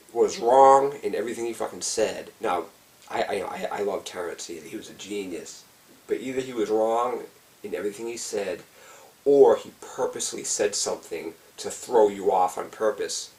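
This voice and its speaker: A man's voice: on the low side, normal speed, a little mellow, distant mic, rough recording. A man telling a personal story in a casual, intense, heavily profane way, acting out his own frantic thoughts. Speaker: vlogger. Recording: voice set back from the mic.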